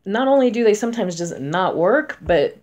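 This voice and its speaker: A woman in her forties, a spellcaster, talking casually to camera in a chatty, emphatic way, going from loud to soft. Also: mid-range voice, expressive, moderate pace. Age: 40s.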